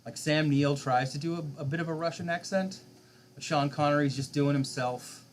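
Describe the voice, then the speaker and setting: A man's voice: a little high, fairly even intonation, normal speed, a little hiss or hum. A man streaming a game live late at night, rambling casually and answering viewers' chat.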